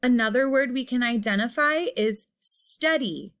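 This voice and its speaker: A woman teacher giving a phonics lesson, saying each word slowly and repeating it while stretching the vowel sounds. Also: a little high, fairly bright tone.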